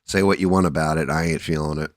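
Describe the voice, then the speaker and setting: This livestream host, groggy and freshly awake, speaks fast in a very low, steady tone. His casual chat is blunt and meandering, full of swearing and restarted sentences, and the sound is dry and close with no room ambience.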